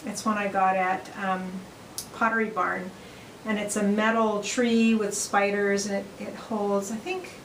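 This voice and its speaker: A woman's voice: mid-range voice, level tone, a little slow, a little hiss or hum, rough recording. Chatty middle-aged woman rambling at home. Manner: chatty and rambling, with frequent ums and restarts. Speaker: vlogger. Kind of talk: casual home video chat. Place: her home, indoors.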